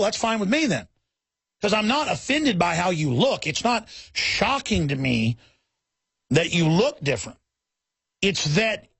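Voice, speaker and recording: Husky, high-pitched ranting radio host man. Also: fairly bright tone, dry recording. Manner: heated, rambling, emphatic. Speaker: radio talk show host. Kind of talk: ranting talk radio monologue.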